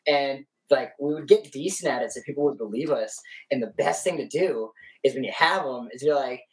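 An animated man on a podcast, chatting as a guest musician. He talks loosely, stacking fillers as he goes. He sits a little back from the mic, so his voice comes through slightly distant. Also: mid-range voice, a little fast. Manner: animated storyteller, heavy on fillers. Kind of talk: casual chat.

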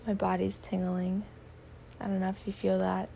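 A woman guiding a meditation, speaking slowly and softly, often slipping into a whisper. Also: medium pitch, monotone, vocal fry, a little hiss or hum. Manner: slow, soft-spoken, drifting into whispers; warm spiritual affirmations. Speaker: meditation guide. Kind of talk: guided meditation.

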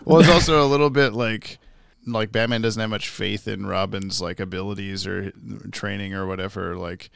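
A young adult man co-hosting a podcast, chatting in a relaxed, rambling way with many fillers. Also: fairly low pitch, normal speed, gravelly, clear, resonant tone, no room sound. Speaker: podcast co-host. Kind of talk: casual chat.

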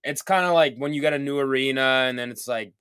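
A man's voice: mid-range voice, fast, a bit bright, smooth, no echo, clean studio sound. Profane, rambling young man on a podcast. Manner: loose, profane, heavy with filler "like". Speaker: podcast co-host. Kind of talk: casual chat. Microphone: podcast mic.

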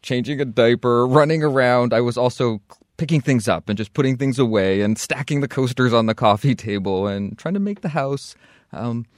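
A man co-hosting a podcast, speaking in a measured, considerate way as he gives advice. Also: medium pitch, no room sound, studio quality. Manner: measured, warm advice-giving, reads show details. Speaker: podcast co-host. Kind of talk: casual podcast chat.

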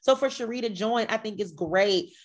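Speaking at a moderate pace in a mid-range voice, a woman hosts a podcast full of energetic, casual gossip. She's animated and shifts into mock voices as she chats.

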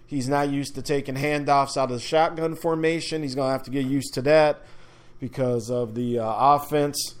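A man's voice: mid-range voice, steady tone, normal speed. A man hosting a casual sports talk show, loose and chatty, with slang and filler words. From upper Midwest of the United States.

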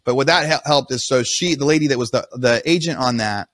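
A man hosts a podcast and tells a long personal story in a loose, rambling way, often stopping and restarting his sentences. His voice sits at an ordinary middle pitch, recorded close and dry with no room sound. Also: brisk, a bit bright, no room sound. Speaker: podcast host. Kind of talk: casual storytelling.

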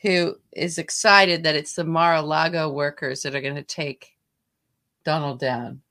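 A woman's voice: deep voice, fairly even intonation, measured pace, bright, forceful tone. Chatty woman podcast co-host. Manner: chatty, trails off and restarts mid-sentence. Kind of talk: casual political chat.

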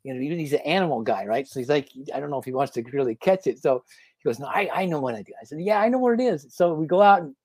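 A man guest on a podcast, telling rambling, animated stories in a casual interview. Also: medium pitch, quick pace, no echo. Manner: animated, rambling anecdotes with lots of fillers. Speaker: podcast guest, former reality show contestant.

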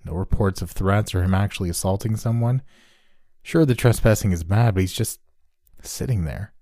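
A man's voice: fairly low pitch, normal speed, warm tone, no echo, close to an everyday voice. A man voicing an easygoing young male patrol officer who talks casually and a little nervously.

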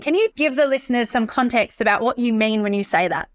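A woman hosting a podcast interview in casual, expressive chat, swearing freely and acting out the voices she quotes. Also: a little high, quick pace. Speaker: podcast host.

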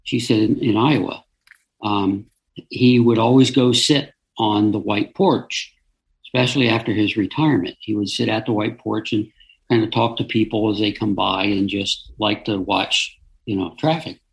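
A middle-aged man, an interview guest, telling a personal story in an earnest, halting way with frequent restarts. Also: fairly low pitch, fairly even intonation, creaky, poor audio.

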